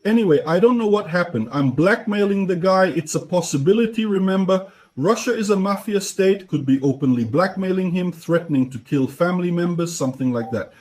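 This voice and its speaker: Husky, fairly high-voiced male commentator. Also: lively intonation, a little fast. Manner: conversational, keeps asking "right?" and "okay?"; emphatic, often jumps up in pitch and loudness. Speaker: political commentator. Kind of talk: dubbed news commentary.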